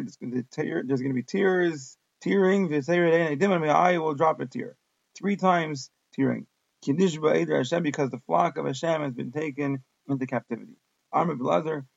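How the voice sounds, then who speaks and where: Gravelly male Talmud teacher, reads then translates, dry close sound, dull audio. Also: on the high side, brisk, no echo. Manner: reads Aramaic text then translates in casual English. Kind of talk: daf yomi Talmud lesson.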